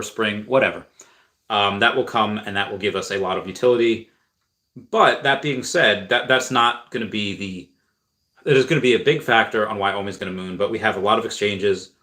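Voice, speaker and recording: Here's a man with a fairly low voice chatting casually on a livestream. He rambles and repeats himself as he answers viewer questions, stumbling through restarts and filler words. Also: sharp tone. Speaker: crypto streamer answering viewer chat.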